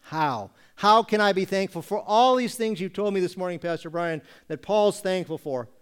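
A male pastor preaching a sermon in a church, asking rhetorical questions and slowing down to stress scripture. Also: high voice, clear, resonant tone.

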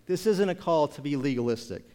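A man preaching a sermon, posing repeated rhetorical questions and reading scripture aloud, slowing down to stress key phrases. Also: on the high side, lively intonation, warm tone. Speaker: pastor.

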